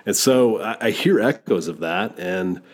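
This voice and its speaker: A male host with a husky, slightly low voice leads a relaxed interview. He asks reflective questions and adds thoughts of his own in an encouraging way. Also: a little slow. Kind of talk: conversational interview.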